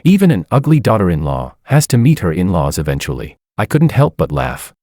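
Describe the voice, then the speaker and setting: A young man narrating a first-person story in an even, steady reading. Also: low-pitched, fairly quick, hardly any pauses, no echo, studio quality.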